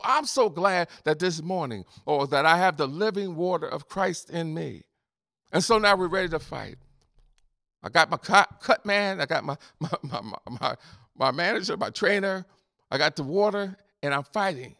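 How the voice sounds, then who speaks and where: A man's voice: high-pitched, lively intonation, moderate pace, a bit bright. A man preaching a sermon and leading a closing prayer, fervent and rhythmic, repeating phrases and chuckling between lines. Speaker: pastor.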